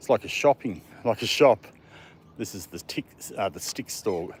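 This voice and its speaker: A low-voiced man chats easily on a live stream while he strolls through a park. His voice swings up into a bright sing-song when he talks to his dog. Faint outdoor noise sits behind him. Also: animated, normal speed. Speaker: vlogger walking his dog. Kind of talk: casual live-stream chat.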